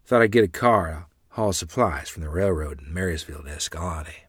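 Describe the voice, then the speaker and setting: A gruff, stubborn pioneer father who answers curtly and defensively, read by a man in a memoir. His voice is deep and husky, recorded dry and close. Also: animated, brisk, dry recording.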